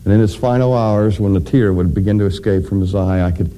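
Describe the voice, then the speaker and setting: A man preaching a sermon, addressing his congregation directly and building to loud, emphatic climaxes. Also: on the low side, fairly quick, a little hiss or hum. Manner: addresses audience directly with questions.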